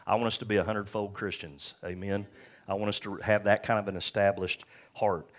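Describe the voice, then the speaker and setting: A man's voice: lowish voice, level tone, fairly quick. A man who is a pastor, preaching an earnest, conversational sermon full of personal stories.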